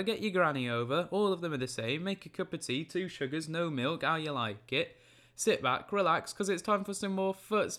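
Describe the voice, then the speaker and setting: A young man, hosting a casual solo football podcast in a rambling, jokey way with quick self-corrections. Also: fairly high pitch, fairly bright tone.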